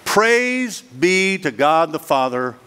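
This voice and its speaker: A man's voice: fairly high pitch, sing-song, slow, bright, forceful tone, smooth. A middle-aged man giving a guest sermon, telling his story earnestly and dramatically, with many rhetorical questions. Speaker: guest speaker. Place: church hall. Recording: long reverb of a hall.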